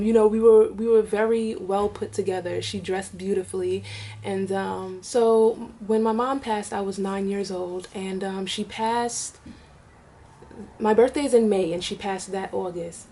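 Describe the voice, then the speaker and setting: A young woman vlogger telling a personal story to camera, halting with many fillers and restarts, tearful at times. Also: medium pitch, warm tone. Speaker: vlogger, mother.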